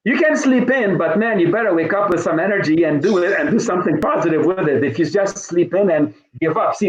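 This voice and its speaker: Man, middle-aged, sales trainer, storytelling, dull lo-fi sound, echoey room. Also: on the high side. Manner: storytelling, many restarts and fillers. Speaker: sales trainer, interview guest. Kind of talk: live online interview, conversational.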